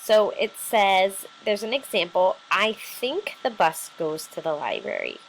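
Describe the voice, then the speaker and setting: A woman's voice: mid-range voice, expressive, measured pace, a little hiss or hum, poor audio. A woman teacher giving a recorded lesson, explaining patiently step by step with many fillers.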